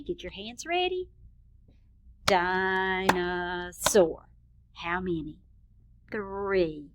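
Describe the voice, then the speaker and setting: A woman teaching young children at an unhurried pace. She sounds encouraging and pulls words out slowly so the class can clap along. The recording is close and dry. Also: mid-range voice, a bit bright, no echo. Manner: slow, clear, encouraging, stretches words out when clapping.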